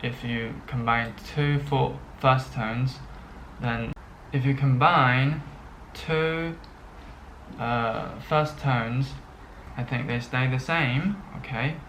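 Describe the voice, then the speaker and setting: Very slow, halting male teacher. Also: medium pitch, fairly even intonation, a bit bright, slight background noise, rough recording. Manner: slow and halting, with many pauses and fillers; checks in often with "okay". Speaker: Chinese language teacher. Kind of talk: unscripted language lesson.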